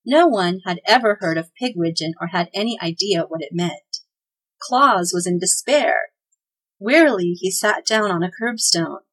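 A woman hosting a children's podcast, reading a storybook chapter aloud in a gentle, expressive way. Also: fairly low pitch, normal speed, husky, rough recording. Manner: gentle, expressive read-aloud with voiced characters.

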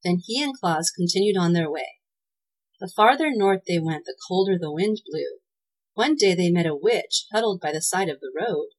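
A woman's voice: lowish voice, lively intonation, moderate pace, husky, rough recording. Woman reading a children's holiday story. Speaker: podcast host and storyteller. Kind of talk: scripted narration of a children's story.

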